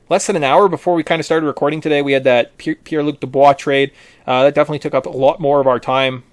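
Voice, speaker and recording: Canadian guy cohosting a podcast, kinda high voice, dry close sound, jokey and loose. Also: no room sound. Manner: joking, loose, laughs easily. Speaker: podcast co-host. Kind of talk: casual chat.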